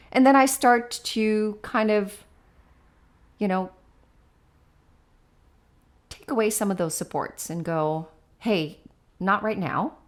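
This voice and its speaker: A woman educator in a casual podcast discussion, explaining her methods step by step, often checking in with "right?" and turning playful and animated as she acts out examples. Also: medium pitch.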